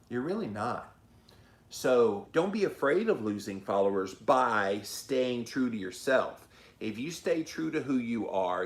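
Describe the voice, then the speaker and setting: A man's voice: medium pitch, echoey room. A man hosting his own show, talking earnestly and emotionally straight to his viewers in a casual, confessional way. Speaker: host. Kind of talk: casual talk to camera.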